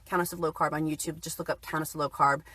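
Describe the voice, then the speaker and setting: A woman's voice: deep voice, fairly even intonation, quick pace, sharp tone, slightly rough, no room sound. Upbeat woman chatting on a livestream. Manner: chatty, upbeat, reads viewer comments aloud. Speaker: keto vlogger. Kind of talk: casual livestream chat.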